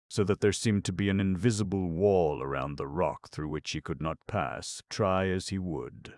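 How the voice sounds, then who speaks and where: A man reading a folk-tale audiobook in steady scripted narration. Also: very deep voice, creaky, no room sound, studio quality. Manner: steady storytelling.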